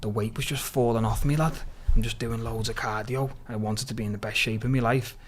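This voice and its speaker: A young man with a Liverpool accent, a podcast guest telling stories in a loose, animated, slangy way, swearing and calling people "lad" as he goes. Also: medium pitch, a little fast. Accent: Liverpool (Scouse). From Liverpool, England. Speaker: podcast guest, MMA fighter. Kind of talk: casual storytelling.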